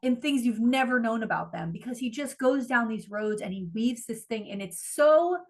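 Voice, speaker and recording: A woman's voice: on the high side, expressive, moderate pace. A woman co-hosting a podcast, chatting casually and animatedly, gushing and swearing freely. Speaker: podcast co-host. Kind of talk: casual chat.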